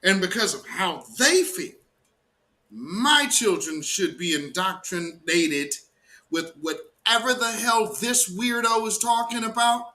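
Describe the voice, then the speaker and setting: A man's voice: high voice, animated, slow, sharp tone. A man hosting a livestream, reacting to a clip with an emphatic, indignant rant full of slang. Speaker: commentary show host.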